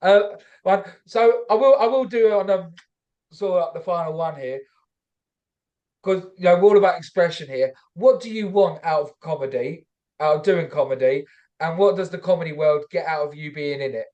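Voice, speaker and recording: A man's voice: on the high side, normal speed, darkish tone, dull audio. A man hosting a podcast, asking questions in a loose, casual way and stammering now and then. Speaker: podcast host.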